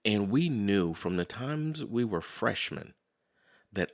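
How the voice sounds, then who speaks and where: A man gives a motivational self-help talk. His lowish voice carries a gravelly edge and swings through a lively pitch range. He talks conversationally, circling back with repeated phrases. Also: slow. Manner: conversational, repeats "so in other words"; acts out quoted voices. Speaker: podcast host.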